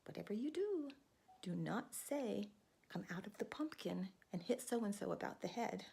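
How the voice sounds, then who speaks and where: Woman playing a storybook magic bird, shrill pleading, husky grain, low brightness. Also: animated, moderate pace. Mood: warning. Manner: pleading, high and urgent.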